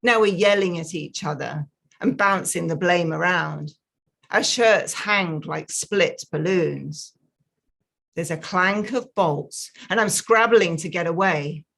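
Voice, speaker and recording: A woman reading her own flash fiction aloud, slow and measured. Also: on the low side, creaky, fairly bright tone. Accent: non-local accent.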